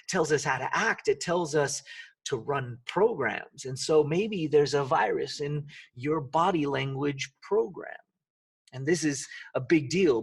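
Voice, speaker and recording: A man's voice: fairly high pitch, creaky, slightly rough, far from the mic. A man hosting a motivational podcast, talking with energy and emphasis, often asking rhetorical questions. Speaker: podcast host and dance coach.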